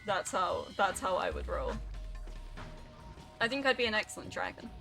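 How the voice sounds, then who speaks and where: Young female streamer, rambling and chatty; bright voice with a gravelly texture. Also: medium pitch, very animated, moderate pace, faint music behind. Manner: rambling, chatty, filler-heavy. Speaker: game streamer. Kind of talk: casual chat reading stream chat.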